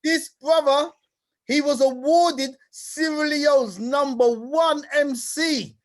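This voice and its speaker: High-voiced energetic male event host. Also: slow. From United Kingdom. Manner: energetic hype, repeats "brother" and "King". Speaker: host and presenter. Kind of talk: lively live online event hosting.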